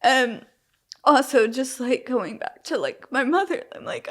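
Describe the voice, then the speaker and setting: A woman's voice: high-pitched, lively intonation, a little slow, a bit bright. A young woman with a slightly raised voice talks openly about her own experiences. Her speech rambles, full of "like" and self-corrections, yet stays frank and emotionally open. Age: young adult. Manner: rambling, heavy on "like" fillers and restarts. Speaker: interviewee. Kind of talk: candid personal storytelling.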